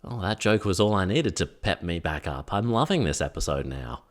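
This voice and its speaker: A man's voice: deep voice, sing-song, moderate pace. A man giving a comedic, sarcastic recap of a TV episode, full of wry asides. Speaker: recap vlogger.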